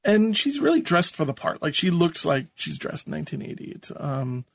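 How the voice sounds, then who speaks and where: A man's voice: a little high, very animated, brisk, gravelly. A man co-hosting a podcast in casual chat, hesitant, with many ums and laughs at himself. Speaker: podcast co-host.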